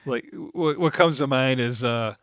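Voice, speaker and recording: A laid-back man co-hosting a movie podcast who agrees readily and laughs often. His voice is smooth and clear. The sound is dry, with no room echo. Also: medium pitch, unhurried. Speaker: podcast co-host. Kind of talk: casual movie review chat.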